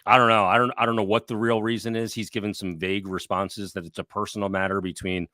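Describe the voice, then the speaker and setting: A man talks sports on a podcast, blunt and salty, telling his stories with energy. His voice is bright and forceful, recorded close and dry with no room sound. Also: fairly low pitch, quick pace, dry recording. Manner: blunt, profane, animated storyteller. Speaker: podcast co-host. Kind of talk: casual sports talk.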